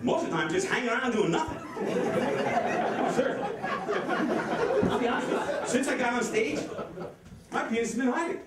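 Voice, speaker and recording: A man doing stand-up in a club, his voice high and swinging wildly up and down as he rattles off a fast, profane set. He sounds nervous and keyed up. The recording is echoey and taken from far off, with a loud crowd laughing throughout. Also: very noisy. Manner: fast, excitable, profane delivery. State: nervous, sweating. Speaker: stand-up comedian. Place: comedy club stage. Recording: echoey club audio from afar. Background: audience laughing.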